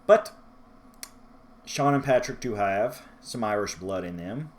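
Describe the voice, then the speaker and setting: Slow, low-voiced man reviewing a book. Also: lively intonation, a little hiss or hum. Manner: rambling, self-deprecating, loses his place in his notes. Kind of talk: casual book review vlog.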